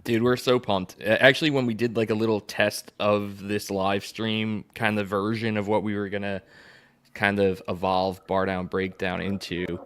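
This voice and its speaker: A man's voice: lowish voice, little pitch movement, normal speed, fairly bright tone, clean tone. A man hosting a casual livestream podcast, opening with an upbeat welcome. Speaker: host.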